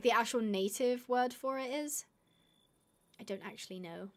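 A young woman chats her way through a live-streamed game, thinking aloud and reading viewers' messages as she goes. Her voice sits a little high and swings up and down a great deal. She rambles and restarts her sentences. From United Kingdom. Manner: chatty, rambling, reads viewer comments aloud.

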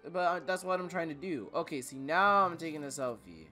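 A man's voice: fairly high pitch, expressive, fairly quick, pushed and bright, soft background music. A man doing casual let's-play commentary, joking, swearing and laughing to himself as he plays. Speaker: gamer.

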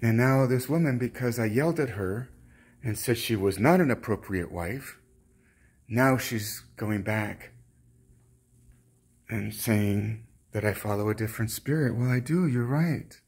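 A man speaking as a self-styled prophet in a rambling religious monologue, fervent and halting, with many restarts. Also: mid-range voice, darkish tone, slightly rough.

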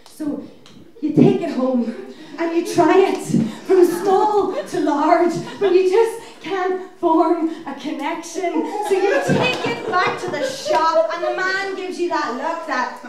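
A woman performs spoken word poetry on a club stage, wry and punchy with bursts of laughter. Her voice is high and her delivery unhurried. The recording is distant and awash in room echo. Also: crowd noise. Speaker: feature poet. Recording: echoey club heard from afar.

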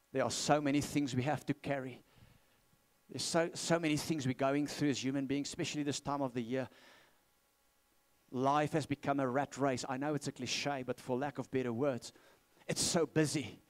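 A man preaching a sermon in a church. He repeats his key phrases and asks the congregation to respond. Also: mid-range voice. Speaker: pastor.

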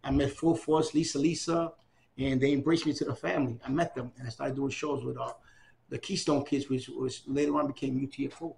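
Speaking a little fast in a creaky, mid-range voice, an older man from New York City tells stories for an oral history interview. He animatedly voices the people he quotes, with slight background noise present.

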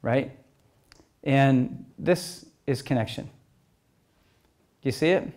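A man with a mid-range, slightly dark voice speaks slowly as he tells stories to an audience in a conversational way. He acts out exchanges as quoted dialogue and keeps checking in with listeners, asking "okay?" and "you know?"

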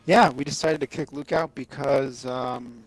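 A man in his twenties streaming a game with friends, teasing them in deadpan jokes. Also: mid-range voice, unhurried, gravelly, no room sound, soft background music, rough recording. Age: 20s. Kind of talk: casual gaming banter.

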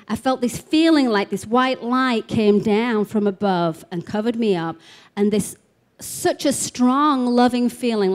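A woman's voice: on the high side, a little mellow. A woman speaking at an expo about spiritual healing, telling stories in a chatty way full of casual fillers. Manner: chatty storytelling, many "like" fillers. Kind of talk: live talk to an expo audience. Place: expo talk room.

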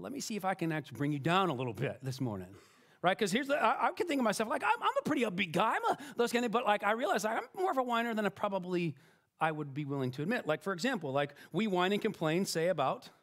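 Lively high-voiced male pastor preaching. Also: quick pace. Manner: conversational, self-deprecating, frequent restarts and "right?". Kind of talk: sermon.

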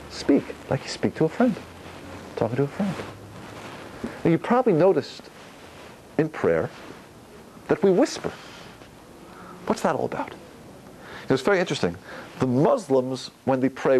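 Animated rabbi, lively lecturing man. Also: on the high side, slight background noise, poor audio. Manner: animated, gestures while talking, asks and answers own questions. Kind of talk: Torah lecture on prayer.

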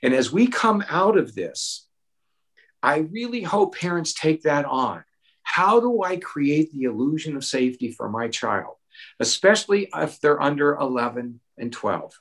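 A middle-aged man answering a question at a town hall, earnest and animated, giving parenting advice with personal stories. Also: fairly high pitch, a little slow. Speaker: mental health expert.

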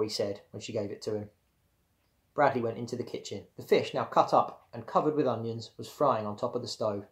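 A man's voice: mid-range voice, lively intonation, a little fast. A man, a primary school teacher, reading a children's book aloud. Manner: storytelling.

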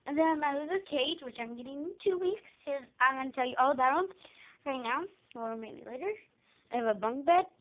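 A young girl giving a casual tour of her bedroom, chatty and rambling, excitable now and then. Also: high-pitched, brisk. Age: child. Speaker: vlogger giving a room tour. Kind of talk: casual room tour vlog. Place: child's bedroom, indoors. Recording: tinny lo-fi home camera audio.

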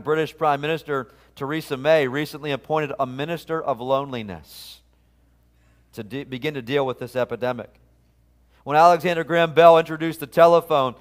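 A man preaches a sermon in an earnest, conversational manner, stumbling over and restarting his phrases as he goes. His voice sits a little high for a man and comes through smooth and resonant. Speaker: pastor. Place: church sanctuary.

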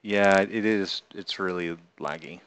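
Lowish guy on a live stream reading chat out loud, slow and easygoing, joking around. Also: smooth, dry recording. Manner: reads viewer chat aloud and answers playfully, often laughing. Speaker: live streamer and game creator.

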